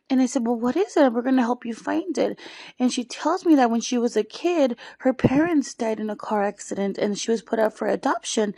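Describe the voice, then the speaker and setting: A fairly high-voiced woman, a mother, tells a storytime in a rambling way, full of fillers. Her voice is recorded dry, with no room sound. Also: mellow, dry recording. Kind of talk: casual storytime.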